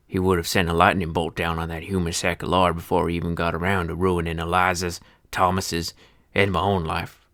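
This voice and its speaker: An actor playing a bitter old horse-feed seller near seventy, who narrates in a deep voice with an old-timey Western twang and talks in a grumbling, sardonic, cursing folksy way. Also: male voice, a bit bright. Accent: old-timey Western American twang. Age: older. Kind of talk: film narration.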